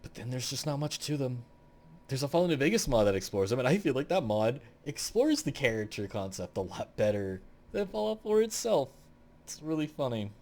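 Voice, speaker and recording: Lively-voiced young man ranking game characters. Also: mid-range voice, a little fast. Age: young adult. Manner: rambling, blunt and opinionated, swears freely. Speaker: gaming video host. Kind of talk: casual tier-list commentary.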